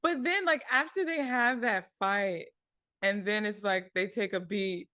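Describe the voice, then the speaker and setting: A woman guest on a podcast, reacting with frequent laughter and animated chat. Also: medium pitch, measured pace, no echo, clean studio sound. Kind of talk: casual chat.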